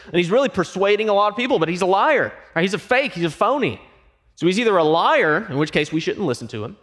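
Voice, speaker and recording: A man preaching a sermon in a higher, very lively voice that swings from bright, quick-fire questions to quiet, weighty emphasis. He acts out quoted voices and asks the congregation direct questions. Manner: animated preaching that drops to hushed, emphatic lines. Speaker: pastor.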